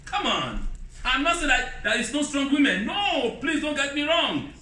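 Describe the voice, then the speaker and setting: A man preaching a sermon in non-native English with broken grammar, lively, mimicking other voices in a high pitch. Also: normal speed, a little hiss or hum. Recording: roomy hall, voice from a distance.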